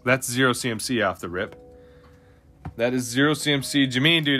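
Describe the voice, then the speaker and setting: Young dude w hyping card pack openings, bright punchy voice, bit of music behind. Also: male voice, medium pitch, moderate pace, long pauses. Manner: animated, slangy, hyped. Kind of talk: excited live commentary on pack openings.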